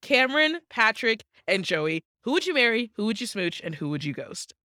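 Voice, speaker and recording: A woman co-hosting a chatty podcast, gushing and laughing as she talks. Her voice is bright and forward, recorded on a dry close mic. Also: a little high, sing-song, normal speed, no echo. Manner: gushing, laughs often, says "like" a lot. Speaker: podcast co-host. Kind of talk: casual chat.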